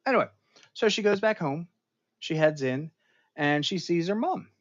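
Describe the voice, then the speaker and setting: A man's voice: a little high, lively intonation, normal speed, dull audio. A man hosting a casual episode review, retelling the plot with dramatic emphasis and chatty asides. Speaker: pop culture show host.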